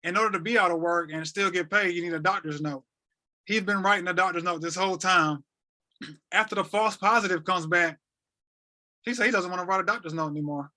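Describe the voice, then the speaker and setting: A man in his thirties from North Carolina, talking as a podcast guest. His voice sits high and bright for a man. He tells his story in an animated way, stumbles over repeated words and acts out the lines other people said. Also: fairly quick. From North Carolina, USA. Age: 30s. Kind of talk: emotional storytelling.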